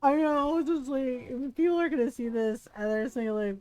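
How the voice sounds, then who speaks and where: A woman's voice: sits high, moderate pace, few pauses, a little mellow, smooth, faint music behind. A woman streaming a game, chatting casually and thinking aloud with lots of fillers and little laughs. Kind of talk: casual gameplay commentary.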